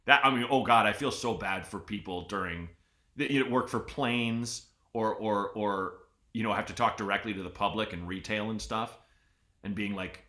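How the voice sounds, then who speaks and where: A male podcast host telling comic stories in casual chat, jumping into loud put-on voices. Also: on the low side, normal speed. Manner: animated storyteller, jumps into loud put-on voices. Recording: roomy echo.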